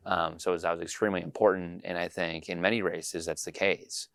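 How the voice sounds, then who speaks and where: A man's voice: low voice, level tone, fast, creaky, few pauses, fairly bright tone, smooth, no echo. A young man in his twenties from Iowa, a state politician telling campaign stories in a rambling interview with many fillers. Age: 20s. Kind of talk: casual interview storytelling.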